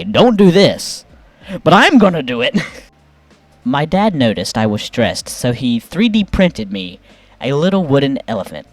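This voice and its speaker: A man reviewing memes in casual, playful commentary, with sudden jumps up in pitch when he reacts. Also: no room sound. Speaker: YouTube meme reviewer.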